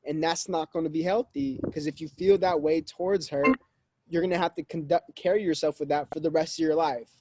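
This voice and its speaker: A man's voice: a little high, fairly quick, dark tone, a little hiss or hum. A man hosting a conversation, recapping his guest's points and hyping him up. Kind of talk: conversational interview.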